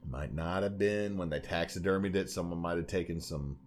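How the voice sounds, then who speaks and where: A young man co-hosting a podcast in casual chat, telling stories in a rambling, animated way full of tangents. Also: low-pitched, a little fast, soft background music. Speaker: podcast co-host.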